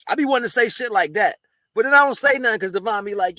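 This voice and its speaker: High-voiced man preaching street-style. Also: animated, fast talker, pushed and bright, no room sound. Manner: eating while talking. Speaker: spiritual video host. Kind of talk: casual spiritual monologue.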